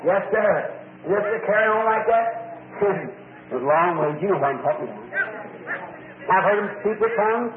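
A man's voice: high voice, animated, normal speed, pauses often, roomy sound, crowd noise. A man preaching a sermon to a congregation, folksy and emphatic, with many repetitions and asides. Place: church. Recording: tinny lo-fi old church tape. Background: congregation responses.

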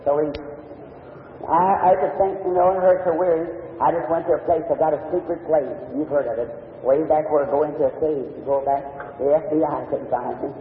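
A man preaches a sermon, spinning a personal story in a homespun, plain-spoken way, his voice a little on the high side. He sounds far from the microphone, with the long echo of a big hall around him. The old recording is thin and tinny, with a faint rumble underneath. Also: steady tone, brisk. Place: large meeting hall with an audience.

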